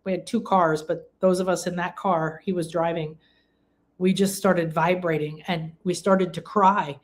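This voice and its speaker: A woman from England hosting a live spiritual talk, gushing and rambling, with bursts of excited exclamation. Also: fairly low pitch, a little slow. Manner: rambling, with frequent restarts and fillers. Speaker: spiritual teacher and live-stream host.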